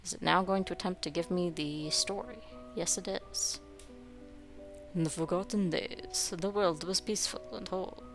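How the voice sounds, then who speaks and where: A woman's voice: fairly low pitch, moderate pace, music in the background. A young woman giving wry, sarcastic commentary while playing a building game. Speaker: game streamer. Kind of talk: gameplay commentary.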